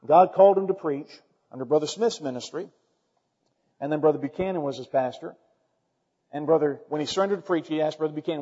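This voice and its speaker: A man preaching a sermon, emphatic and building to loud, repeated questions. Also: on the high side, fast, slightly rough. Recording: dull long hall reverb.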